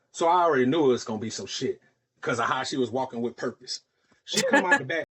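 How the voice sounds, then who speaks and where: With a mid-range voice that has a breathy edge, this man hosts a podcast and relates a lengthy personal story casually. He's animated and performs the voices of the people he quotes.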